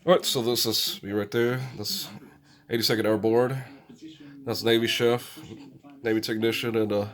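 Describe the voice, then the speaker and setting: A man's voice: fairly low pitch, steady tone, normal speed. A man from Phoenix, rambling and swearing freely as he talks to his own camera at home. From Phoenix, Arizona. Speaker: vlogger touring his house. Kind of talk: rambling casual monologue to camera. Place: indoors at home. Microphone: own camera set up in the room.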